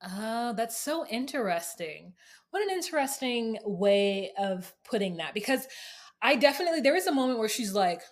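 A woman hosting a podcast, recapping a show in an animated, laughing casual chat. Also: on the high side, moderate pace. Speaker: podcast host.

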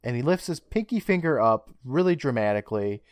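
A man co-hosting a casual podcast, retelling a show's scenes and dropping into quick character voices as he goes. His pitch swings widely and he laughs often. The sound is dry and close, with no room around it. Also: expressive, clean tone, dry recording. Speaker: podcast co-host. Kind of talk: casual recap chat.

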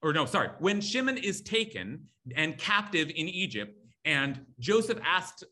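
A very animated Torah teacher with a slightly high, sharp-toned voice lectures on scripture at a measured pace. Emphatic and repetitive, he reads Hebrew words aloud and thinks aloud as he goes, with fillers and self-corrections.

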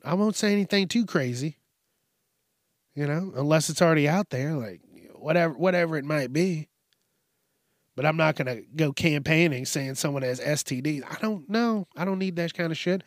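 Laid-back guy ranting about news stories, swears a lot, talks slow, dry close sound. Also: on the high side, no echo. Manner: profane, rambling, laid-back. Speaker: host. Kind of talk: casual news commentary.

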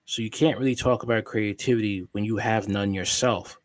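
A man's voice: lowish voice, steady tone, brisk, dry recording. Blunt, dismissive man.

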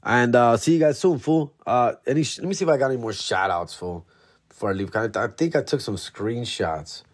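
A man's voice: medium pitch, fairly quick. A man, hosting a comedy podcast in a laid-back, slangy, profane monologue.

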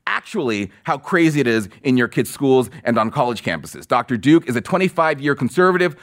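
A man hosting an opinion podcast, talking in a sarcastic, mocking and animated way. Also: mid-range voice, brisk. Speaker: podcast host.

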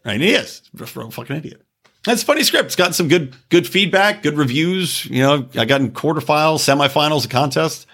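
A man hosts a casual podcast, sounding off in a loose, profane rant that keeps wandering into side stories. His voice is bright and forward, and his pitch swings widely. He sits a little high for a man. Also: fairly quick. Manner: animated, profane, digressive. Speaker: podcast host.

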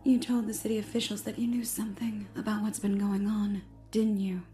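A man's voice: high-pitched, little pitch movement, brisk, mellow, pitched above the performer's own voice, lightly acted. A man voicing a calculating young female spy in an audiobook-style reading, often dropping into sly whispered asides. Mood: feigned desperation. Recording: music bed under the reading.

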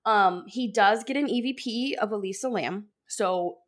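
A woman co-hosting a podcast in casual chat, rambling and excitable, filling her talk with "like.". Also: mid-range voice, a little slow. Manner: rambling, fills with "like"; excitable, laughs often. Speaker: podcast co-host.

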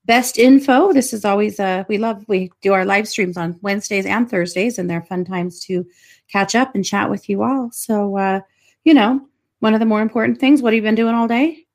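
A woman's voice: mid-range voice, moderate pace, a little mellow. A woman co-hosting a live podcast stream, chatting casually, laughing often and trailing off with fillers. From United States. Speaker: podcast co-host.

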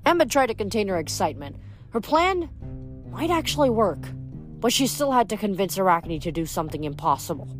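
A woman's voice: mid-range voice, sing-song, brisk, soft background music. A woman reading a novel aloud, plainly and with small slips and restarts. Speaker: reader.

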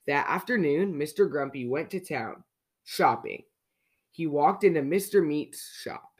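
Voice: mid-range voice, lively intonation, unhurried, slightly rough. A storyteller reading a children's picture book aloud, playfully asking young listeners questions along the way.

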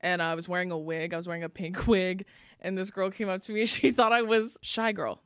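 A woman's voice: lowish voice, brisk, no room sound, clean studio sound. A woman hosting a podcast, telling stories in casual chat, acting out quotes and laughing often. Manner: animated storyteller, laughs often, acts out quotes. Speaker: podcast host. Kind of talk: casual chat and read ads.

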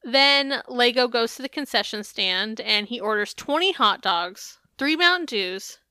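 A woman co-hosting a podcast in casual chat, animated and swearing freely. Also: on the high side, measured pace, smooth, no room sound. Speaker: podcast co-host.

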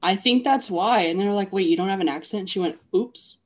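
A woman co-hosting a podcast who chats in a relaxed, thoughtful way. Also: medium pitch, quick pace. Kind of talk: casual chat.

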